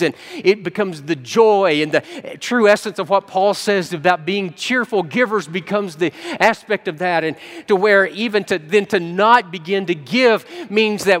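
A male pastor delivers a sermon in a slightly high voice that rings out with a long hall reverb. He moves from quiet, low asides to animated, higher-pitched quoted voices as he tells stories. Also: normal speed, hardly any pauses.

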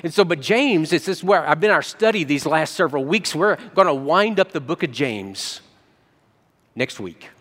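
Pastor preaching in a reverberant hall. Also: male voice, normal speed. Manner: storytelling, swings between soft low asides and excited high-pitched quoted voices. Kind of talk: sermon.

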